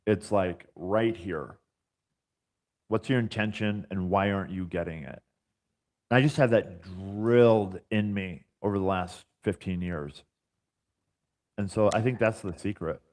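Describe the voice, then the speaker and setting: A man's voice: sits low, unhurried, long pauses. A man as a podcast guest, chatting casually and acting out quoted dialogue in his stories, with frequent fillers like "like" and "you know". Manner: animated, acts out quoted dialogue. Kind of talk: casual storytelling chat.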